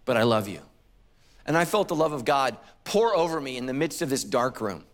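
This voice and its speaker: Casting: middle-aged male pastor, high voice, animated storytelling sermon. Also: brisk. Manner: animated storytelling with acted quotes and humor.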